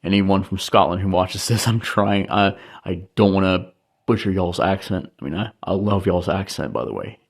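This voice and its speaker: A man's voice: low voice, normal speed, creaky. A young man vlogging casually indoors, chatting to his viewers as he goes and speaking through the camera mic. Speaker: hobby vlogger. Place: indoor room lit by disco lights.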